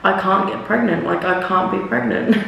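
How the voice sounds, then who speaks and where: A young woman vlogger rambles through a casual storytime while doing her makeup, swearing freely and leaning on "like" and "literally." Her medium-pitched voice is gravelly and fairly bright at a normal pace. She faces away from a distant mic in an echoey room, with slight background noise.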